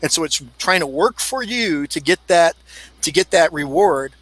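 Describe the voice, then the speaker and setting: Bright, dry-voiced man explaining. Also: a little high, lively intonation, moderate pace, dry recording, low-quality recording. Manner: explains at length, acts out dog thoughts in quotes. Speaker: dog handling expert guest. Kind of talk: casual podcast discussion.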